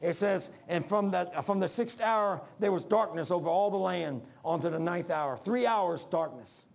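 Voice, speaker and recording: A man preaching a sermon, emphatic, calling out to the congregation and dropping to hushed lines between loud peaks. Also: high-pitched, normal speed, gravelly. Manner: calls for congregation responses.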